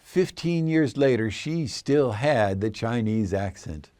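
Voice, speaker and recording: A man narrating a scripted explainer in a measured, assertive way. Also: mid-range voice, expressive, mellow, no echo, studio quality.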